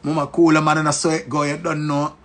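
A man with a Jamaican accent giving animated, joking commentary and repeating his phrases. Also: a little high, brisk. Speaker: social media commentator. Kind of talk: casual commentary.

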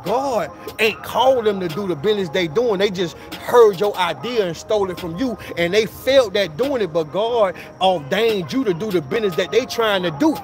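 A man with a fairly high voice delivers street-slang motivation in a rolling, repetitive preaching cadence. A clear music bed runs under his voice throughout. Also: expressive, normal speed, hardly any pauses. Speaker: motivational speaker.

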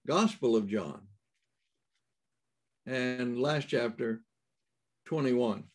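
A man preaching a sermon in a halting way, with many fillers and restarts and emphatic rises. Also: mid-range voice.

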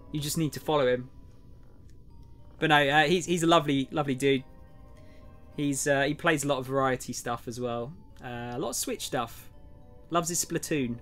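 A young man on a live gaming stream, his voice sitting a little high for a man. He chats easily with viewers and drops into a low mutter while working through puzzles. Faint game music plays behind him. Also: fairly bright tone.

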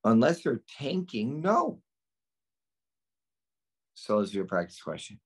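Emphatic husky-voiced male tutor, slow delivery. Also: mid-range voice, sing-song. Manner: emphatic, asks students questions and answers them himself. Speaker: nursing exam tutor. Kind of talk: lecture to students.

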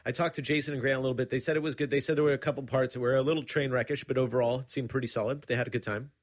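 Guy cohosting a podcast, chatty, laughs a lot, ordinary middle pitch. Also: steady tone, racing. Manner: chatty, laughs often, acts out quoted voices. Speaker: podcast co-host. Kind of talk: casual podcast chat. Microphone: headphones and studio mic.

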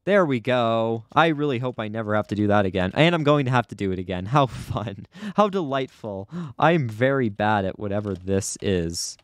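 A man's voice: on the low side, expressive, moderate pace, hardly any pauses, dry recording, studio quality. A young man giving casual, chatty commentary over his own gameplay, often flustered and poking fun at himself. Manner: chatty, self-deprecating, easily flustered. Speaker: gaming YouTuber.

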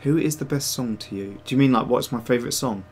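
A man's voice: mid-range voice, quick pace, a little mellow, breathy edge. A man hosting a casual livestream, chatting to viewers in a rambling way with many fillers and restarts. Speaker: livestream host and digital sculptor.

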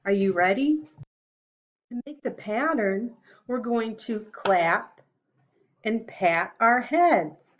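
A woman leads an online preschool lesson in a slightly high voice. She speaks very slowly and cheerfully, with sing-song praise for young children. The home recording sounds dull and lo-fi. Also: expressive, a little hiss or hum. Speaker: preschool teacher.

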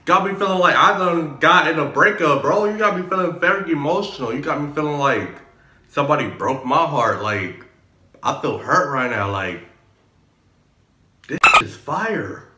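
A man hosting a music reaction video, talking casually with excitable slang and repeated exclamations. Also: on the high side, normal speed, very noisy. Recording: echoey room with music playing. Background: song playing in background.

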